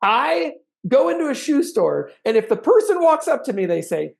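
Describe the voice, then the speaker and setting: A man giving an animated sales training talk, acting out client conversations with bursts of energy. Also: very high voice, normal speed, gravelly. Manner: animated, acts out sales dialogues with big swings in energy.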